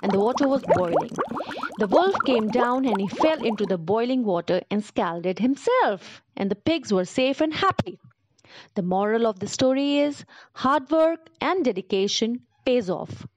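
A woman narrating a children's story in an animated, expressive storytelling way. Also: on the high side, moderate pace. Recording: dull lo-fi recording.

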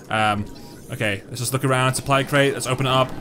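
A man giving live reaction commentary over gameplay, excitable, swearing, and talking back to the game. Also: mid-range voice, a little fast. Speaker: gaming channel host. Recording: game music underneath.

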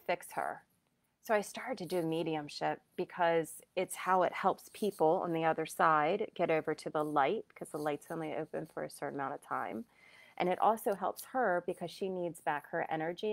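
A woman healer telling a personal story in a chatty, animated way, with many fillers and quoted asides. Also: on the low side, no echo. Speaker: energy healer and medium. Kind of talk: casual live-stream storytelling.

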